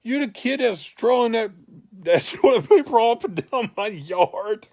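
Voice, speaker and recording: A man's voice: lively intonation, normal speed. A man voicing an irate grown man who is scolding a kid. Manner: scolding, shouting up high.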